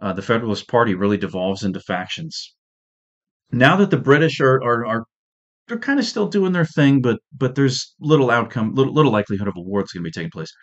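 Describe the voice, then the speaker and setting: A man's voice: mid-range voice, animated, fast. A man giving a casual history lecture, conversational, with restarts and joking asides. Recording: dull lo-fi audio.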